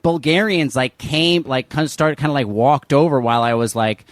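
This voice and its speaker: A man's voice: mid-range voice, normal speed, dry recording. A man co-hosting a podcast, telling a rambling travel story in casual chat and laughing often. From United States. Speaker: podcast co-host.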